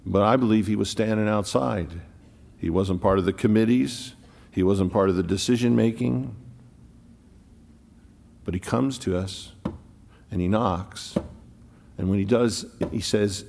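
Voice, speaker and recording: A man preaches with a low, gravelly voice that rings in a long church reverb. He climbs to loud declarations, then drops to hushed, slow, almost whispered phrases, leaning on single words. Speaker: pastor. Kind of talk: sermon.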